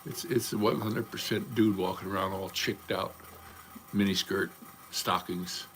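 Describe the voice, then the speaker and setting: A man's voice: low-pitched, steady tone, a little slow, fairly bright tone, slight background noise. An older man chatting casually on a livestream, rambling from topic to topic in a blunt, profane way. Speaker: livestream host.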